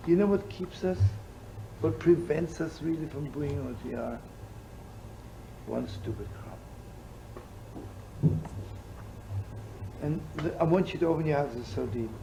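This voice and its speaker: A rabbi tells stories to a live audience in a rambling, playful way, throwing in asides and Yiddish words. His voice is gravelly and sits a little high. Loud hiss covers the old live recording. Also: measured pace, long pauses, rough recording. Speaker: rabbi and storyteller. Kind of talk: storytelling sermon to a live audience.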